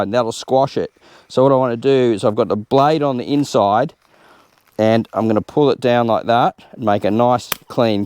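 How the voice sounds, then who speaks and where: An Australian home gardener hosts a casual tutorial, chatting informally and explaining as he works outdoors in his garden. His medium-pitched voice is smooth and a little mellow, and the recording is dry.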